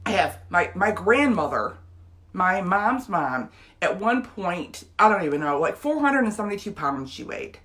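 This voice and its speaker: A woman's voice: lowish voice, big pitch swings, normal speed, a bit bright. A woman, giving an emotional, earnest motivational talk straight to her viewers. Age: 50s. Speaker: motivational vlogger.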